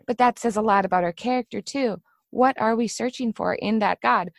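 A woman's voice: fairly high pitch, a little fast, creaky, no room sound. A middle-aged woman hosting a casual podcast conversation. She tells her stories with energy and acts out the voices she quotes. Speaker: podcast host.

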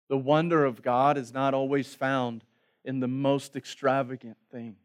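A male pastor preaching a sermon, dropping to a hushed voice on key words. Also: mid-range voice.

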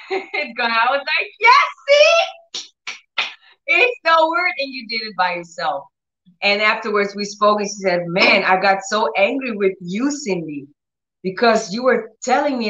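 A woman preacher telling a healing testimony in an animated way, acting out the dialogue as she goes. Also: fairly high pitch, lo-fi sound. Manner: animated storytelling, acts out dialogue. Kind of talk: testimony teaching.

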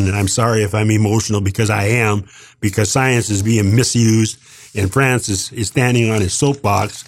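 A man's voice: lowish voice, fairly even intonation, moderate pace, dry recording. An older man delivering a heated, rambling opinion monologue as a podcast co-host, emphatic and indignant, with frequent restarts.

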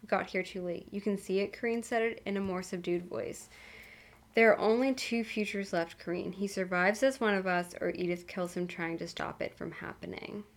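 A woman's voice: mid-range voice, normal speed, lightly acted. Woman reading grim male vampire, curt, blunt, read from a book. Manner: flat, read aloud from a book.

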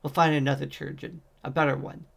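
A man's voice: mid-range voice, level tone, fast, creaky. A man reading the lines of a grieving, fearful middle-aged father who speaks in a choked, pleading way.

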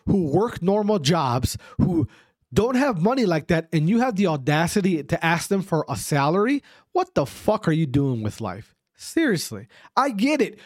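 A man's voice: high voice, no echo, studio quality. A young man delivering a heated, profane rant to his viewers, lecturing and repeating himself with frequent "all right?" checks. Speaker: esports commentator ranting to viewers.

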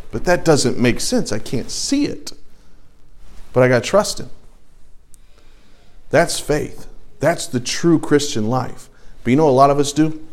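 A middle-aged man gives a relaxed, conversational sermon to an adult Bible study class. He tells personal stories and breaks into little acted voices for the thoughts he describes. His pitch sits in the middle range for a man. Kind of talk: casual sermon.

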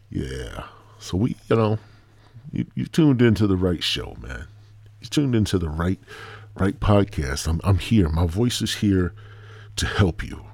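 A man's voice: sits low, very animated, unhurried, gravelly, darkish tone, husky, no room sound. A man hosting a stoner podcast, rambling, swearing and joking as he talks. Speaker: podcast host.

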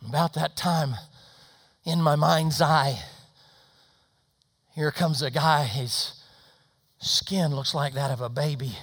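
A man's voice: a little high, steady tone, slow pace, pauses often, fairly bright tone. A man preaching a sermon, telling a story in a folksy, plain way. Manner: folksy storytelling with dialect words.

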